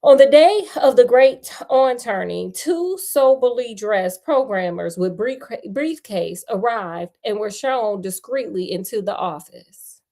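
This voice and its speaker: Slow, playful woman reading aloud. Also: fairly high pitch, expressive, dark tone. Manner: playful, joking asides between narration. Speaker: storyteller host. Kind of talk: livestream read-aloud with chatty asides.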